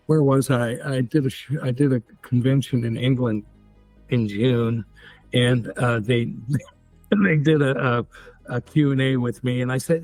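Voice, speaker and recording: A man's voice: medium pitch, dry recording. Older guy in his 70s chatting, rambles and restarts a lot, faint music under him. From United States. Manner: rambling storyteller with many restarts and fillers. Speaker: guest actor. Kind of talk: casual interview chat.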